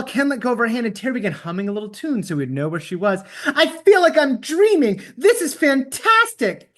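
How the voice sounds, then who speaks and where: A man co-hosting a casual book podcast, theatrical and profane, with quick swings in pitch. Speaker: podcast co-host. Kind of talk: casual book-club chat.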